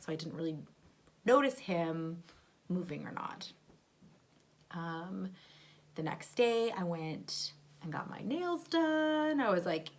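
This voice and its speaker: A young woman telling a personal story in conversation, speaking softly and haltingly with many fillers and restarts. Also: fairly low pitch. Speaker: bereaved mother sharing her story.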